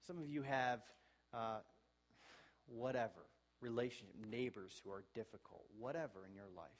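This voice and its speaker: Speaking at normal speed in a medium pitch, a male pastor delivers a sermon full of earnest exhortation. He moves between quiet and loud passages and demonstrates example apologies as if chatting.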